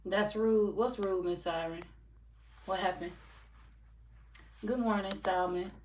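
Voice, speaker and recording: A woman's voice: mid-range voice, fairly even intonation, slow pace, darkish tone. A woman running a live tarot stream who chats casually with viewers, swears freely and laughs often. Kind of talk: casual live-stream chat reading comments. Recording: roomy echo from far off mic, faint background noise.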